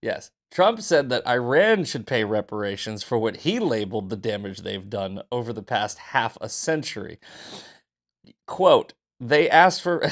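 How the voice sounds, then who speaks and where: A man hosting a casual news commentary show, reading headlines with sarcastic, profane asides, just out of bed. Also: mid-range voice. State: just woke up. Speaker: host.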